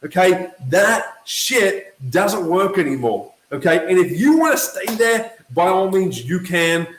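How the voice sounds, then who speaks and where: A man coaching network marketers in a motivational talk to camera, emphatic and lively, always checking in with his listeners. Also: high voice, unhurried, roomy sound, a little hiss or hum, rough recording. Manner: emphatic, keeps checking in with "okay?" and "right?"; lively, acts out quoted voices.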